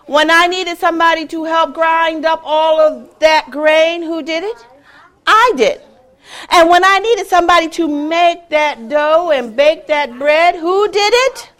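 A woman voicing a proud, patient mother hen in a children's story, asking and answering in a firm, drawn-out way. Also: very high voice, a bit bright, voice pushed up.

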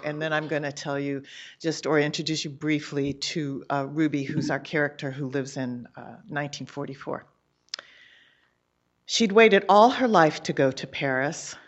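A woman author with a very low voice chats in a playful way and then reads from her own novel. The recording is muffled and lo-fi. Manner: chatty, self-amused asides before reading.

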